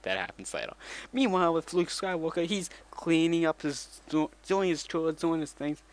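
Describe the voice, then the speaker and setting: A man's voice: on the high side, lively intonation, normal speed. Casual male vlogger, rambling comic retelling, self-correcting.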